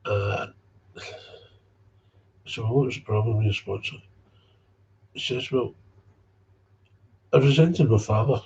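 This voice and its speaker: A man's voice: mid-range voice, slow pace, creaky, pauses often, a little mellow, a little hiss or hum. A man with a Scottish accent giving a blunt, heated personal talk about recovery, swearing freely. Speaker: speaker on recovery. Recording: dull lo-fi recording.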